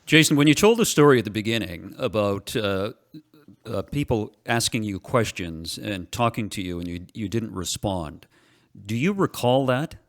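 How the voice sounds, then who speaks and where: A man's voice: fairly low pitch, expressive. A man hosting a radio show, asking a guest long, careful questions. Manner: measured, asks long researched questions with fillers. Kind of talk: interview questions.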